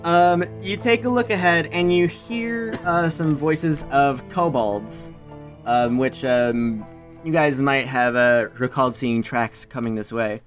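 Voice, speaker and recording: A woman's voice: extremely low pitch, takes it slowly, faint music behind. A woman narrating a tabletop game as game master, casual and chatty.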